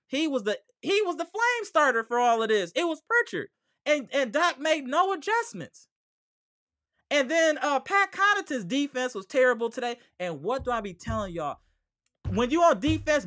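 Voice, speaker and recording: Guy hosting a live hoops fan stream, bright voice, ranting and slangy, swings loud and low. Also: very animated, normal speed. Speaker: sports podcast host.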